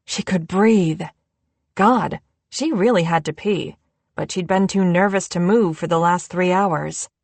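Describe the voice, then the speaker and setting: A woman reading an audiobook in a measured, unhurried scripted narration. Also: on the low side, dry recording.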